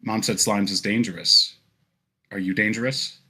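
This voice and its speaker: A man voicing an excitable little girl with ruddy orange skin, in a breathless, high, giggly voice. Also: moderate pace, breathy edge. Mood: wary.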